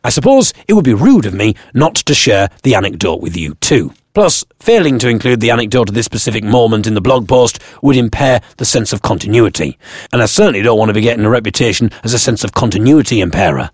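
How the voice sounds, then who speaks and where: A man's voice: lowish voice, very animated, quick pace, husky, no echo, clean studio sound. A British man telling a comic first-person story from his blog, full of wry, self-mocking asides. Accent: British English. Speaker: blogger narrating his own story.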